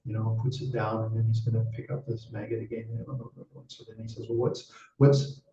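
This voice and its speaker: A man's voice: fairly low pitch, completely flat delivery, quick pace, dark tone. A male Buddhist teacher telling a dharma story in a casual, chatty way, full of "you know" asides. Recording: roomy, distant, dull sound.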